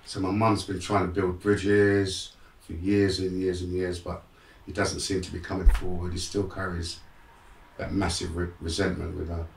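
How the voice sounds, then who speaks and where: With vocal fry and a low-sitting voice at a moderate pace, a middle-aged man is heard on a distant mic in an echoey room, slight background noise included. As a guest and motivational speaker, he gives frank, streetwise personal storytelling, animated during re-enactments.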